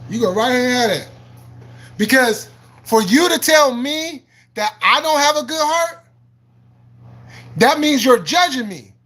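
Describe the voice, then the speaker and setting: Livestream host, male, combative and profane, preachy rant, high bright voice. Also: animated, measured pace, pauses often. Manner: combative, profane, repeats himself, laughs often; preachy and argumentative, quoting scripture. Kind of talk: live-stream rant answering chat.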